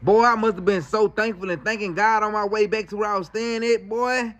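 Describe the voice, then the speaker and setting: High-voiced man telling a story. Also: fairly quick. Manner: slangy and animated. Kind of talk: casual storytelling.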